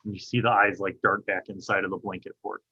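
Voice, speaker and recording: A man as game master, narrating a tabletop game in halting description with many fillers. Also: deep voice, level tone, sharp tone, slightly rough, muffled recording.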